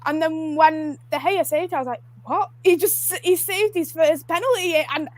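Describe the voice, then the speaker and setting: A woman co-hosting a casual football chat, recounting things with excitement. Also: sits high, normal speed, no echo, poor audio. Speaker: podcast co-host.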